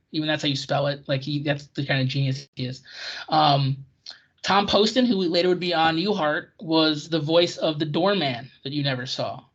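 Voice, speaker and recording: A podcast co-host in casual chat about old television, ranting in an excitable way. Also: mid-range voice. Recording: dull lo-fi recording.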